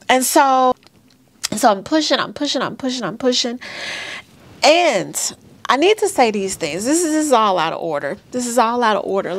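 Candid woman telling a hard story. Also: fairly high pitch. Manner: earnest, candid, speaks straight to viewers. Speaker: vlogger sharing a birth story. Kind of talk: emotional personal storytelling.

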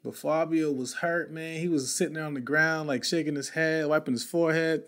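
Male podcast host, a touch high-pitched, in casual story mode with lots of restarts. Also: brisk, clean tone. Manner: animated, slangy, repeats and restarts words.

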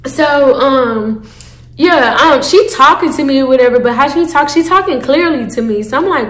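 A young woman telling a storytime to her viewers, animated and profane, calling them y'all. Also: high-pitched, normal speed, echoey room. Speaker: storytime vlogger. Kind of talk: casual storytime.

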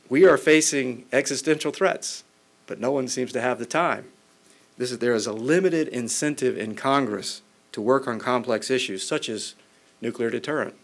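Man giving a measured policy speech. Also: medium pitch, gravelly. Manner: measured and formal, with occasional restarts. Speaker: member of Congress.

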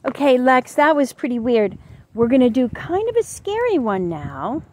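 High, lively woman chatting to her kids. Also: normal speed, noisy background. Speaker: parent reading to her young children. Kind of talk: casual chat.

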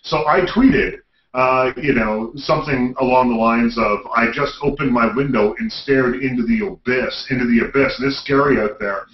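A man telling a wry story in a relaxed way. The sound is muffled and echoey. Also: medium pitch, moderate pace. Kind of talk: casual chat.

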